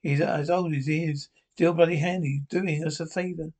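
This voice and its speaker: Casting: actor as a crude, bickering old pensioner, slightly high voice. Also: male voice, steady tone, normal speed, a little mellow, lightly acted. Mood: banter. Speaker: sitcom pensioner. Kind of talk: broadcast sitcom acting.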